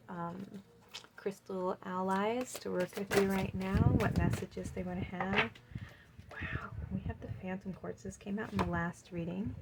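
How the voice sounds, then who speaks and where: A woman giving an encouraging tarot card reading, gushing with warmth and reading card affirmations aloud. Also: medium pitch, steady tone, measured pace, slight background noise, rough recording.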